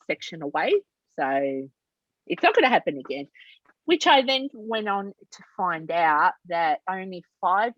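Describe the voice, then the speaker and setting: A woman's voice: mid-range voice, a bit bright, no echo, dull audio. A woman author being interviewed over a video call, telling stories animatedly and acting out dialogue. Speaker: author guest. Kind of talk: casual interview chat.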